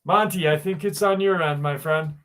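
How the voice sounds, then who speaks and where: A man's voice: fairly high pitch, moderate pace, a bit bright. A man chatting casually on a livestream panel, rambling through a story with fillers and swearing. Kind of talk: casual chat.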